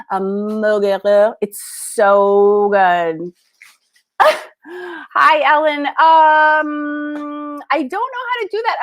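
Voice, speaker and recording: A woman's voice: sits high, a bit bright. A woman hosting a casual livestream, unboxing art books and gushing with gasps and laughs. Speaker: art school host.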